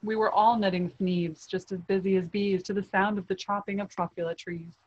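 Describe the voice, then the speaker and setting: Lady reading a rhyming kids' story out loud, expressive, dull lo-fi sound. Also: medium pitch, a little fast. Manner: expressive, rhyming read-aloud. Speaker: reader.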